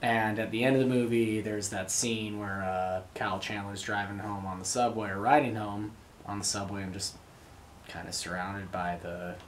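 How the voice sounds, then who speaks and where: Recorded with roomy echo, faint ambience, and a touch of hiss or hum, this young show host speaks in a lowish, steady voice at a moderate pace. He rambles casually through his monologue, filling it with fillers.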